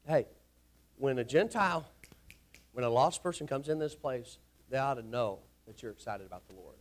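A man preaching a sermon to his congregation in a church, with a folksy, rousing manner that often rises to shouting. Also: mid-range voice, animated, normal speed. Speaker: pastor. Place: church sanctuary.

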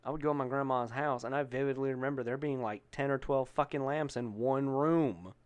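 A man's voice: mid-range voice, fairly quick, clear, resonant tone. A man chatting casually on a podcast, telling stories with lots of swearing and laughter. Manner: profane, animated storytelling with bursts of laughter.

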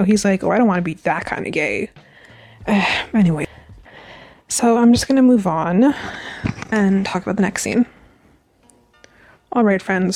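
A woman's voice: medium pitch, vocal fry, a little mellow, no echo. Chatty young woman recapping an episode. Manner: chatty, emotional, restarts and self-corrections. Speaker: podcast host reviewing a TV series. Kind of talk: casual episode recap and review.

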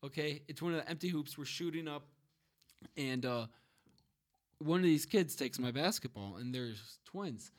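Profane storytelling man, fairly high voice. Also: normal speed. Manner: animated, profane storytelling with voiced quotes and laughter. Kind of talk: casual chat, telling a story.

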